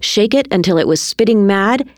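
A woman's voice: medium pitch, animated, moderate pace, darkish tone, no echo, clean studio sound, pitched above the performer's own voice, natural voice. A woman voicing a pair of strange, cruel twin children who chant together in an eerie sing-song. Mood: spiteful.

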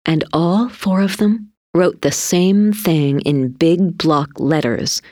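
A woman reading a children's story aloud with expressive delivery. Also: no echo, studio quality. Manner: slow and highly animated.

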